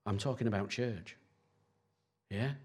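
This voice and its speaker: A man in his forties gives a conversational sermon as pastor, animated and constantly checking in with his listeners. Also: on the low side, unhurried, breathy edge.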